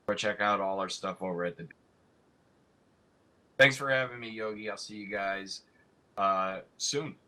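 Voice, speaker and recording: Bright-voiced man signing off. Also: lowish voice, steady tone, a little slow, pauses often. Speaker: guest podcaster. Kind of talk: casual sign-off.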